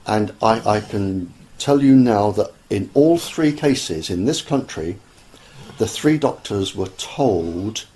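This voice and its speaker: A man, speaking as an interview guest in an earnest, deliberate way with many pauses and fillers. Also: fairly low pitch, expressive, warm tone. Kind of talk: slow conversational explanation.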